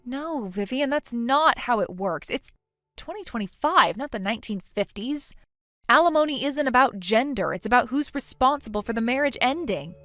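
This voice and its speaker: A woman's voice: a little high, expressive, moderate pace, a bit bright, no echo, clean studio sound. Brief: woman voicing stern young female friend, blunt and lecturing, text-story read, light music underneath.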